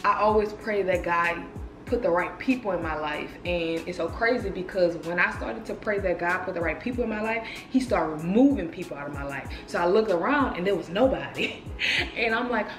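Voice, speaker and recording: A woman's voice: fairly low pitch, brisk. A woman of thirty chatting casually and expressively to her viewers in a vlog from her apartment. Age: 30s. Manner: expressive, animated, talks straight to viewers. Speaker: lifestyle vlogger. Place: apartment room. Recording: roomy echo with music behind.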